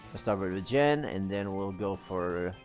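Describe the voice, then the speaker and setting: A man's voice: deep voice, lively intonation, measured pace, faint music behind. A man giving chatty, self-amused commentary while playing a game on a live stream.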